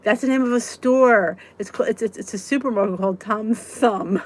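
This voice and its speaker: A woman's voice: fairly high pitch, normal speed, a little hiss or hum. Giggly chatty woman hosting a live chat. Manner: giggly, chatty, answers comments as they come. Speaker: weight-loss vlog host. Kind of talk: casual live chat answering viewers.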